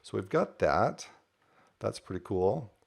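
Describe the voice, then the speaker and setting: A man with a low, gravelly voice talks through a coding demo at his desk. His delivery is loose and conversational, full of ums and uhs as he types and explains each step. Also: sing-song, slow, a little mellow. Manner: loose and conversational with frequent fillers. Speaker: software developer demoing a project. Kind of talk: casual screen-share tutorial.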